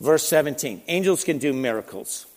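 Male pastor, high lively voice, chatty sermon, long church-hall reverb. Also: normal speed. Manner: animated, conversational, frequent restarts. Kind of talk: sermon storytelling.

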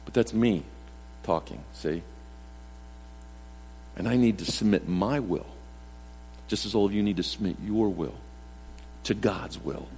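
A man's voice: fairly low pitch, normal speed, vocal fry, pauses often, darkish tone, in a large hall, a little hiss or hum. A male pastor preaching a sermon in a conversational way, with self-deprecating humor, acting out quotes from scripture and everyday life. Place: church sanctuary.

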